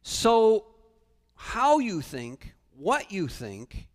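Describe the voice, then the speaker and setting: A male pastor preaching a sermon in a church sanctuary, animated, with humorous asides. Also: high voice, very slow. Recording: long church reverb.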